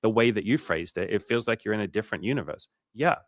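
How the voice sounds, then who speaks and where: A man's voice: lowish voice, animated, fast talker, dry recording, studio quality. A man coaching on a livestream in a casual, profane and fired-up way, talking emphatically. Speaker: dating coach.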